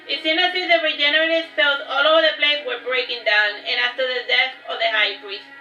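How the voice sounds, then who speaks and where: A woman reads her own fantasy story aloud and often restarts her lines. Her voice is high and bright. She sounds far from the microphone in a roomy space, with faint music underneath. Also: fairly quick. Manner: steady reading with frequent restarts. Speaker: author. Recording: roomy, distant, dull recording with faint music.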